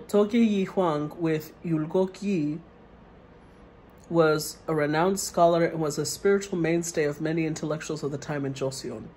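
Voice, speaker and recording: A woman's voice: sits low, a little hiss or hum, low-quality recording. A woman tarot reader who reads the card meanings aloud and then muses over them in a casual way.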